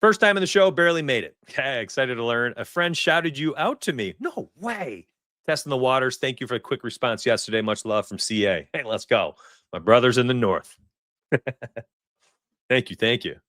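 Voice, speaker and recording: A man in his forties hosting a sports betting livestream, chatting casually and excitably with viewers and laughing often. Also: mid-range voice, a little fast, no room sound, studio quality. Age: 40s.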